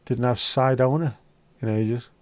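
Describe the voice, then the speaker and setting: This livestream host talks a little slowly, his medium-pitched voice steady as he chats with viewers from his room at home and reads their comments. His style is rambling, wry and full of swearing, and there's no echo.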